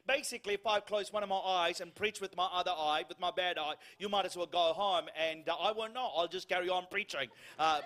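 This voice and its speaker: A middle-aged man preaching a sermon, telling humorous stories about himself in a lively, animated way. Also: sits high. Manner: animated storytelling with self-deprecating humor. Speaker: guest preacher.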